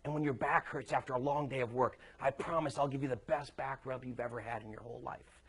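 A man playing a young groom who earnestly recites his wedding vows in a soft voice. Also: medium pitch, fairly even intonation, fast talker, husky. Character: adoring young groom, calm and self-satisfied.

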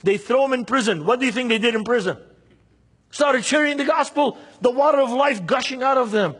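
A man's voice: very high voice, a little fast, fairly bright tone, slightly rough. A man preaching a sermon with passion, throwing rhetorical questions at his listeners. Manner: impassioned, fires rhetorical questions at the audience.

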